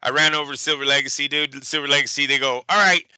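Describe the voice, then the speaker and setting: A man co-hosting a show, telling a story in casual chat, animated and profane, acting out the people he quotes. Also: mid-range voice, quick pace, smooth, dry recording, poor audio. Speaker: boxing show co-host.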